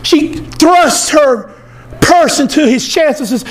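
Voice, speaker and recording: A male pastor preaching an impassioned church sermon, shifting from storytelling into shouted proclamation in a colloquial manner. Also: very high voice, lively intonation, slow. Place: church service.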